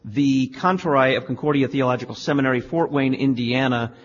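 A man's voice: medium pitch, brisk, breathy edge. A male radio talk show host giving pointed, lecturing religious commentary. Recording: lo-fi studio with reverb.

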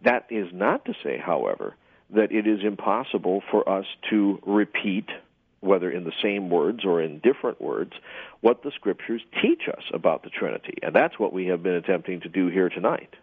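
Husky-voiced pastor on a phone line. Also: male voice, sits low, lively intonation, no echo. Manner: measured, explanatory, with hesitations. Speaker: pastor and guest theologian. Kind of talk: radio talk show answers.

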